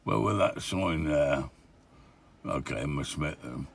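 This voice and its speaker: An older man with a slow bass voice and vocal fry chats casually through his van life travel vlog, tossing in grumbling asides tagged "eh?". He films on a handheld camera outdoors and from his van while touring villages.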